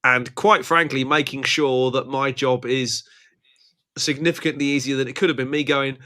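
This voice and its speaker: A man's voice: medium pitch, steady tone, moderate pace, sharp tone. A British man hosting a live chat show, playful and teasing, laughing often and a little short on sleep. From Britain. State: tired from lack of sleep. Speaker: show host. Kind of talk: casual live-stream chat.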